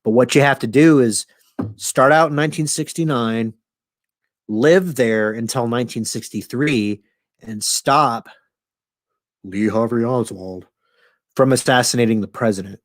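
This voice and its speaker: A man puts on a dying time traveler who pleads with quiet urgency, cursing as he lays out his mission. The voice sits at an ordinary middle pitch. The sound is dry and close. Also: a little slow, pauses often, no echo, lightly acted. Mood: instructing. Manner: earnest, profane pleading.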